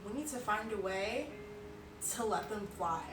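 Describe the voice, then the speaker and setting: A woman's voice: medium pitch, animated, unhurried, distant mic, very noisy. Giggly young woman streamer, roomy sound. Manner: rambling, giggly, filler-heavy. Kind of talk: casual live-stream chat. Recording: roomy, off-mic, music behind.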